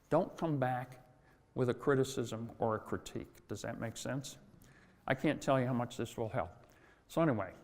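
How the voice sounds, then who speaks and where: A man's voice: mid-range voice, darkish tone. A middle-aged man giving a chatty, self-deprecating convention talk full of anecdotes. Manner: chatty, self-deprecating, laughs at own jokes. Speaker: speaker at a convention. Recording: long hall reverb.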